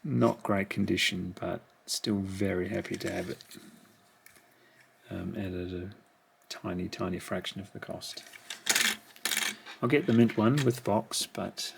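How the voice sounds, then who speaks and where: A middle-aged man talks slowly and quietly, half to himself, as he unboxes a collection at home. His voice sits low, with a gravelly edge. Loud crinkling and rustling packaging runs underneath. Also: steady tone. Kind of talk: casual unboxing commentary. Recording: rustling packaging noise behind.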